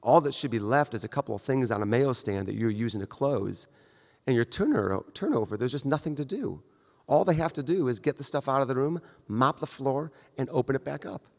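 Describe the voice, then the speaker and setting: A gravelly, mid-range male voice belongs to a surgeon giving a conference lecture, direct and conversational, with brief acted-out exchanges. The recording carries the long reverb of a lecture hall.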